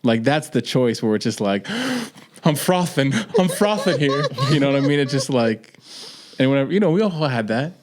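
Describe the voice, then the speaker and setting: Man, podcast co-host, middle-pitched voice, earnest, laughs easily, confessional. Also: darkish tone. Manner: earnest, quick to laugh, affirming. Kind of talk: casual faith chat.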